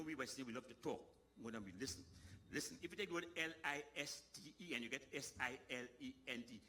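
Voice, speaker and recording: A man's voice: medium pitch, slightly rough. A middle-aged man, telling folksy comic stories on stage at a ceremony. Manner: lively, folksy, quick to shift into voices. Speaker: storyteller and comedian. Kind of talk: live comic storytelling.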